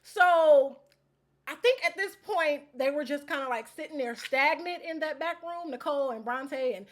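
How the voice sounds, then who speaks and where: A young woman casually recapping her time on a reality show, animated and quick to laugh as she acts out what people said. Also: high-pitched. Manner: animated storytelling, acts out quotes, laughs often.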